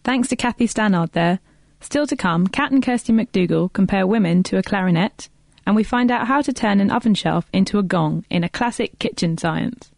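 Gravelly-voiced woman reading radio links. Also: medium pitch, normal speed, darkish tone. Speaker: radio show host. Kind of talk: scripted presenting.

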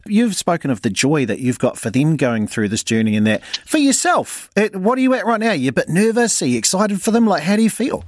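A man hosting a radio show, interviewing a guest with expressive, swooping delivery. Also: brisk, few pauses, no echo. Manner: expressive, warm-hearted interviewer with swooping pitch. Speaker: radio host. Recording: dry studio mic with faint music.

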